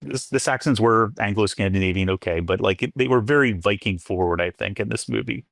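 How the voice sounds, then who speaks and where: A man's voice: lowish voice, a little fast, gravelly, a bit bright, dry recording, clean studio sound. A man, an archaeologist guest on a podcast, chatting casually and hedging his points with many fillers.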